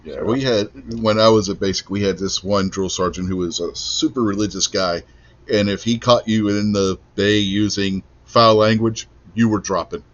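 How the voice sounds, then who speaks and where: A man's voice: on the low side, fairly even intonation, moderate pace. A man in his forties hosting a podcast in a casual political chat, blunt and opinionated and swearing freely. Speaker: podcast host. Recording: dull lo-fi sound.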